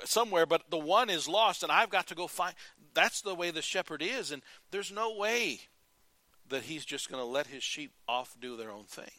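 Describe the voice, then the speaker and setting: Male pastor, fairly high, bright forceful voice, earnest sermon delivery. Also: no echo. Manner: earnest preaching, rising to emphatic calls and dropping to quiet.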